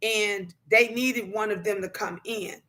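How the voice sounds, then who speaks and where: A mother doing a livestream chats casually with her viewers, greeting them and speaking emphatically in plain, everyday language. She repeats phrases to drive her points home. Her medium-pitched voice is steady, unhurried and sharp in tone.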